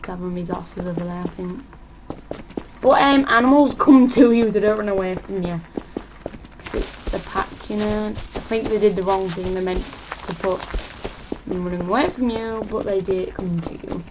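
A woman's voice: medium pitch, steady tone, moderate pace. A woman giving casual gameplay commentary for her channel, thinking aloud and often trailing off mid-sentence. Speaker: gaming channel host. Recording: audible background noise.

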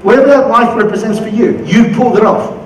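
Australian guy doing a pumped-up keynote, highish voice, big echoey hall, faint room noise. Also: fast, distant mic. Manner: energetic, acts out quoted voices. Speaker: conference keynote speaker. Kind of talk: motivational conference talk. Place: conference hall.

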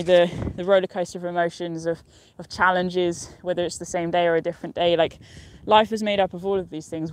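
A woman's voice: fairly low pitch, darkish tone. A young woman vlogging live from a mountain top, chatting casually and cheerfully, rambling and laughing often. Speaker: outdoor vlogger. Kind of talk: casual live-stream chat.

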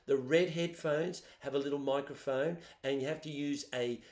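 A man's voice: a little high, steady tone, moderate pace, darkish tone. Chatty man walking students through steps. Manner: chatty, step-by-step explaining. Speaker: music teacher. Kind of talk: software tutorial for students. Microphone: built-in laptop microphone. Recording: roomy echo.

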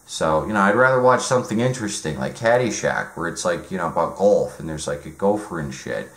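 Man, very low voice, halting deadpan rant with lots of "like" and cursing. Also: reverberant. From United States. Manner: rambling, halting, heavy on fillers and swearing. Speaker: comedic ranter.

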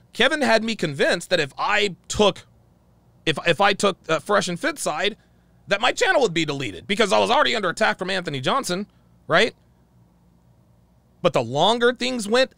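A man's voice: high voice, creaky, sharp tone, no echo. A man telling a heated story in a profane monologue, acting out the dialogue he quotes. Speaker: channel host.

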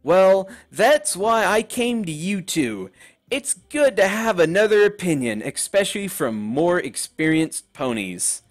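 Guy doing a shy nervous girl pony from a game, soft and halting, raised pitch, slow. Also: sing-song. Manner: soft, hesitant, stammering. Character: shy timid young female pony. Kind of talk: reading game dialogue aloud.

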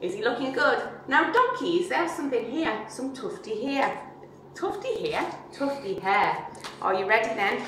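A woman's voice: on the high side, animated, unhurried, a bit bright, a little hiss or hum. A woman showing young children how to make a paper donkey craft, chatty and playful, asking them questions as she works. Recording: very echoey and distant.

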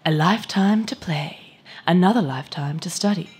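A woman reading aloud, voicing a silken-voiced advertisement with a smooth sales pitch. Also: normal speed, darkish tone. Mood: enticing.

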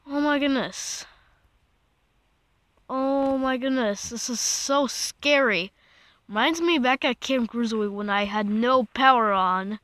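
Woman gamer, high-ish, bright tone, slow talker; skittish, exclaims often, rambles in casual commentary. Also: dry recording. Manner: jumpy, keeps exclaiming in fright; rambling, restarts sentences. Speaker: gaming channel host.

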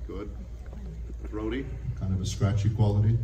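A man who is a voice actor and speech teacher, giving a lively, demonstrative convention panel talk and laughing often. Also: lowish voice, moderate pace, background noise. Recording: echoey room heard from a distance.

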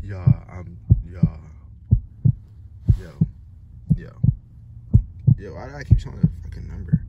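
A young man vlogging a prank, nervous and excitable, drifting from mumbled asides to loud outbursts. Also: lowish voice, unhurried, gravelly, pauses often, highs cut off, heavy background noise. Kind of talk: casual vlog narration. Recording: loud music behind the voice.

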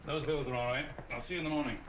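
An actor playing a cool, skeptical creditors' representative, in 1940s film acting. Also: male voice, medium pitch, fairly even intonation, rapid-fire, a little hiss or hum, natural voice. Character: dry male creditors' representative. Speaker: receiver for creditors. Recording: dull old film soundtrack.

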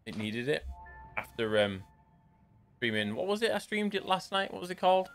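A man's voice: a little high, sing-song, normal speed, fairly bright tone, soft background music. A young man chatting casually and rambling with jokey asides while live-streaming a shooter game.

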